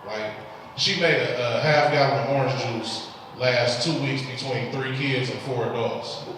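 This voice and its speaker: A young Detroit stand-up comedian with a Detroit accent and a mid-range, slightly slow voice tells loose stories on a live comedy club stage, acting out exasperated quoted voices. He's recorded from afar in an echoey hall, with a noisy background and audience laughter.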